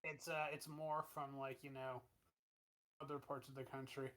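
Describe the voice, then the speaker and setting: A man playing in a tabletop role-playing game, talking in halting bursts full of fillers. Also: medium pitch, flat delivery, fairly bright tone. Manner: halting, lots of fillers and restarts. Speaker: player.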